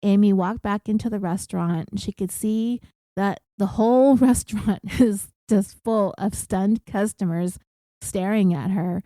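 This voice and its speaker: A woman's voice: mid-range voice, a little slow, dark tone, no echo. A woman podcast host recapping a story in a casual, wry, conversational way.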